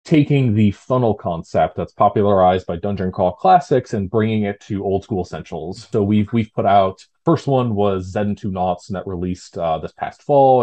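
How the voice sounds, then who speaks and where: A tabletop game designer, appearing as an interview guest, talks casually in a deep, mellow voice, rambling with fillers and restarts.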